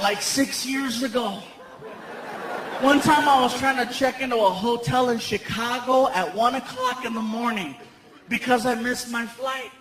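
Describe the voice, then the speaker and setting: A man performing stand-up comedy on a large theater stage, telling animated, playful stories. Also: very high voice. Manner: animated, playful storytelling, many character voices. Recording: echoey hall, loud crowd and noise.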